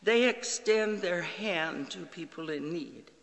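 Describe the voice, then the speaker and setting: Male pastor, sermon delivery, bright slow voice with long reverb. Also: high voice, gravelly. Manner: slow, earnest preaching with quoted dialogue.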